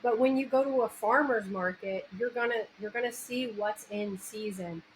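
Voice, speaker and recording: A woman's voice: on the high side, moderate pace, rough recording. A woman with a New York Italian accent hosting a casual interview, talking animatedly and restarting her sentences. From New York area. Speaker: podcast host. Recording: faint background noise, backup mic.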